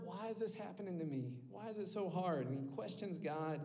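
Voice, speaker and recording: A man's voice: sits high, animated, a little fast, dark tone, lo-fi sound. A young man preaching an earnest, conversational sermon to a campus ministry group, often checking in with "right?". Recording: long hall reverb.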